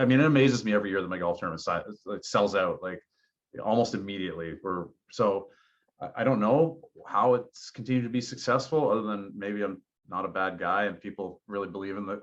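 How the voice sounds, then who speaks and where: A man's voice: lowish voice, a bit bright. A man speaking as a podcast guest, telling personal stories in an earnest, reflective way. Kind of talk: casual interview talk. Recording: dull lo-fi podcast audio.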